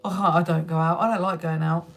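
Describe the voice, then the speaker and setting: A young woman from the United Kingdom chats with viewers on a casual phone livestream from her home, laughing often and swearing freely. Her fairly low, gravelly voice stays steady in tone and moves at a quick pace.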